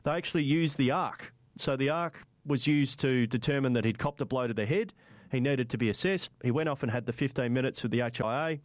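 A man's voice: medium pitch, a little fast, dry recording. A man with an Australian accent hosting breakfast sports radio, chatty and opinionated, with frequent fillers. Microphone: studio microphone.

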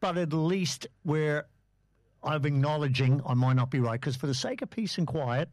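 Aussie guy hosting a chat show, slightly high voice, rambles a bit, dry sound. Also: moderate pace, a little mellow, no room sound. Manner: chatty, rambling host who steers to topics. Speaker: host. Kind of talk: casual talk show chat.

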